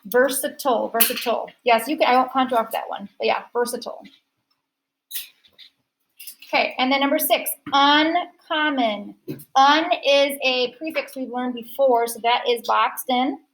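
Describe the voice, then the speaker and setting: A woman teaching a phonics lesson to a class, sounding out word parts slowly and carefully. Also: high voice, steady tone, rough recording.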